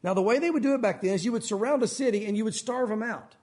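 A man preaching an expository sermon in an animated, conversational storytelling manner. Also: sits high, very fast.

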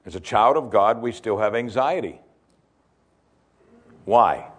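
A man's voice: on the low side, expressive, slow pace. A man preaching an expository sermon as a pastor, repeating key points and asking rhetorical questions.

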